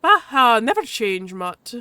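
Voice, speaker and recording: A woman voicing a perky, cheeky female weasel clanswoman with a put-on, vaguely Irish accent and a raised pitch. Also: big pitch swings, measured pace, sharp tone, slight background noise, full character voice.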